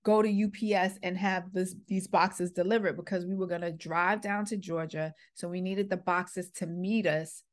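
A woman's voice: on the low side, steady tone, moderate pace, few pauses. A middle-aged woman, a former school principal, earnestly telling a personal story and acting out the quoted exchanges. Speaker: podcast host, former principal.

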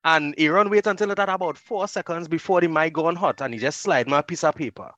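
A man with a Trinidadian accent, a radio host chatting as a podcast guest, telling animated stories. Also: fairly high pitch, fairly quick, no echo, highs cut off. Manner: animated storyteller, laughs easily. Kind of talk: casual chat.

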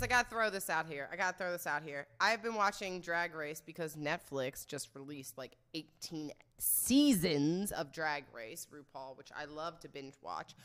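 A young woman hosting a casual livestream, loud and laughing, swearing often as she chats to her viewers. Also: sits low, clean tone. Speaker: livestream host.

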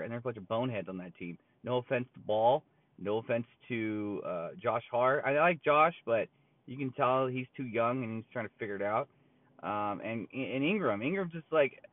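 A man's voice: mid-range voice, no room sound. Guy ranting about sports, blunt and rambly, tinny phone-ish sound, dry. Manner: rambling, blunt, frequent fillers and restarts. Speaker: sports commentator. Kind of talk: casual sports opinion rant.

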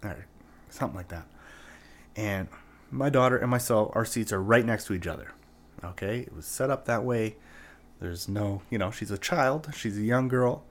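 A man's voice: lowish voice, normal speed. A man from Canada telling a personal anecdote in a casual, profane, rambling way, full of "like" and "right?". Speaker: storyteller.

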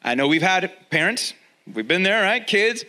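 Male pastor, high bright voice, lively conversational sermon delivery with emphatic repeats, church setting. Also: moderate pace. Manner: energetic, conversational, repeats key lines for emphasis. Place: church with a congregation, also streamed online.

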